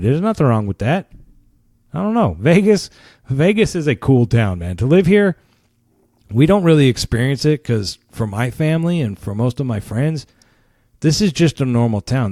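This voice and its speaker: A man's voice: medium pitch, mellow, no room sound, clean studio sound. A man hosting his own podcast, telling a story in a casual, swearing, rambling rant and laughing along with it. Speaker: podcast host.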